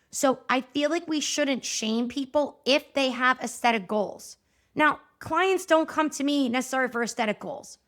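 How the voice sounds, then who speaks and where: A woman in her thirties hosting a podcast, giving a chatty, animated solo talk straight to her listeners. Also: high voice. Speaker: podcast host.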